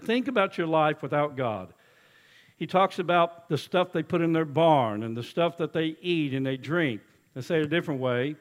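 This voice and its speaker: A man preaching a sermon as executive pastor, telling folksy stories and swinging between loud urging and quiet low asides.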